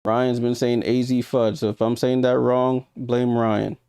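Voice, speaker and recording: A man's voice: mid-range voice, flat delivery, unhurried, mellow, clear, resonant tone, dry recording, clean studio sound. A man with a New York accent hosting a live stream, giving casual reaction commentary, thinking aloud and talking to his viewers with hesitant ums. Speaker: livestream host.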